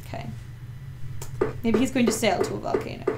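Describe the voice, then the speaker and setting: A woman's voice: on the high side, steady tone. A woman co-hosting a let's play, chatting playfully and reading the game's text aloud. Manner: playful, giggly, quick asides. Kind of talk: casual gameplay chat, reading game text aloud. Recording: noisy home recording.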